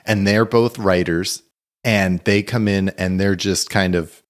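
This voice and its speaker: A man's voice: low voice, steady tone, measured pace. A man co-hosting a podcast in casual chat, rambling through anecdotes with many fillers. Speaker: podcast co-host.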